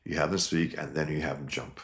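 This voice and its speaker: A man's voice: extremely low pitch, flat delivery, brisk, a bit bright. A man reviewing a comic book in casual video chat, blunt and opinionated, with lots of ums.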